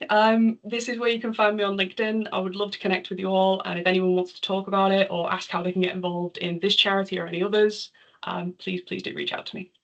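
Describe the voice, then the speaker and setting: A woman's voice: mid-range voice, flat delivery, fast talker, vocal fry. A woman with an English accent from near Liverpool, giving a chatty online talk and taking questions. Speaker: conference speaker. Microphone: video call. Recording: slightly dull video call audio.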